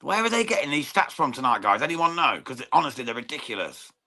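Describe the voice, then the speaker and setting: With a sing-song lilt and a sharp tone, this man from England talks fast in a mid-range voice. He hosts a live boxing watchalong, chatting informally with viewers, calling them "mate" frequently, swearing freely, and commenting on the fight.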